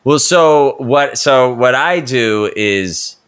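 Podcast co-host, man, relaxed conversational delivery, lots of "kinda" and "like". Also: mid-range voice, takes it slowly, clean tone. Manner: laid-back, hedging with "kinda" and "like". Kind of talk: casual chat.

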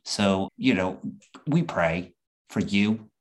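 A man's voice: low-pitched, lively intonation, slow pace. A man voicing a sanctimonious churchgoing uncle at family dinner, with a put-on Southern accent. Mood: preachy.

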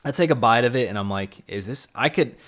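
A man hosting a casual podcast, telling a story and acting out his own reactions in an animated way. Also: mid-range voice, fast. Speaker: podcast host. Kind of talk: casual chat.

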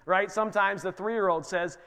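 A man in his thirties preaching a sermon in church, telling lively stories about his kids and acting out their voices. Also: high voice, moderate pace. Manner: animated storytelling, acts out his kids' voices. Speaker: pastor. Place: church sanctuary. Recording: long hall reverb.

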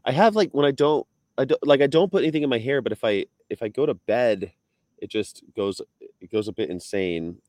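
A man's voice: mid-range voice, darkish tone, dry recording, studio quality. A man hosting a casual video-call chat, talking in a chatty, playful way. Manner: chatty, playful, does quick impressions. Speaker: host. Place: on the road in Virginia.

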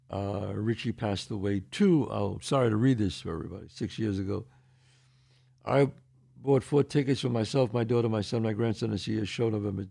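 A middle-aged man hosting a podcast, answering listener questions and telling lively neighborhood stories. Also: on the low side, creaky. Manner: animated, acts out quoted voices in a story. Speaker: podcast host.

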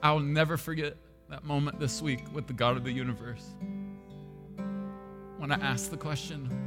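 A man preaching a sermon as pastor, swinging between loud emphasis and hushed, near-whispered lines. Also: on the high side, steady tone, moderate pace. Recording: long hall reverb with soft guitar underneath.

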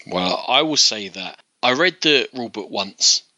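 A man with a very bright, forward voice shares his opinions on games freely, his pitch swinging widely as he talks. He sounds like a podcast co-host in relaxed conversation, recorded close and dry with no room sound. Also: a little slow, dry recording. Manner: opinionated, talks through his changing view of a game. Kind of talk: casual chat reviewing board games.

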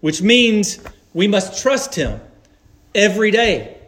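A fairly high-voiced male preacher moves through his sermon slowly and with care, his delivery earnest and measured. There's a sing-song lilt and a fairly bright tone, and he pauses emphatically to land each point.

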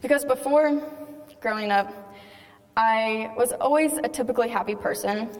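A woman's voice: a little high, moderate pace. A young woman telling an earnest faith testimony to a live audience, casual in tone with many "like"s. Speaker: speaker giving a faith testimony. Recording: long hall reverb.

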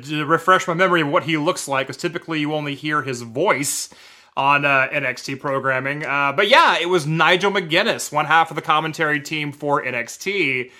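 A man co-hosting a podcast, telling a rambling story in casual chat, animated, full of fillers and laughs. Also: on the high side. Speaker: podcast co-host.

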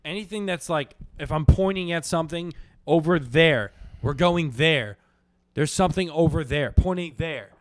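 A man's voice: fairly high pitch, moderate pace. A man hosting a podcast, teasing his partner with crude jokes and frequent laughter. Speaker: podcast host. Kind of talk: casual comedy banter.

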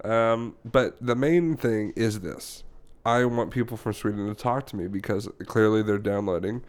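A man hosting a podcast in casual chat, playful and full of quick questions. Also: lowish voice, darkish tone. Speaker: podcast host.

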